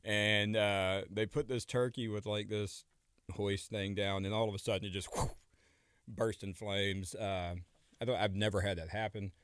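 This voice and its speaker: A man's voice: fairly low pitch, little pitch movement, moderate pace, a bit bright, clean tone, no room sound, studio quality. A man in his thirties chatting casually as a radio guest, rambling and joking, often trailing off mid-sentence. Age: 30s. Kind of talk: casual chat.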